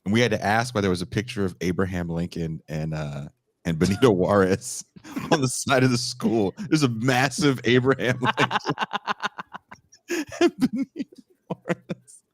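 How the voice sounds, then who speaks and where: A man hosting a casual podcast, loud and animated, laughing and swearing as he talks. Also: on the low side, moderate pace, no echo. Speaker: podcast host.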